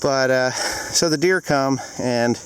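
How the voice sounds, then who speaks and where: A man's voice: mid-range voice, slow, clear, resonant tone, no room sound, low-quality recording. A middle-aged male farmer filming a casual vlog outdoors in the fields, out of breath from walking, rambling and frank.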